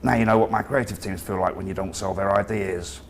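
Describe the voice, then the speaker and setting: A man's voice: low voice, steady tone, a little fast, creaky, slight background noise. A man voicing a crude, bullying male creative director with a comedic Northern English accent, blunt and sweary. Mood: sneering.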